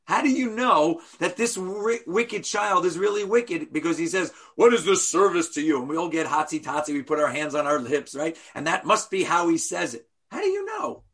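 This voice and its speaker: Lively high-voiced rabbi teaching. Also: male voice, moderate pace, few pauses, husky. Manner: animated, rhetorical questions, playful asides. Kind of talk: teaching a class.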